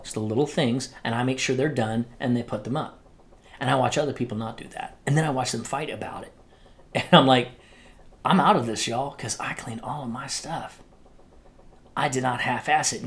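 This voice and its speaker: A man hosting a podcast, talking casually and animatedly about self-improvement, acting out his own quoted thoughts as he goes. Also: mid-range voice. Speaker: podcast host. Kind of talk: casual motivational monologue.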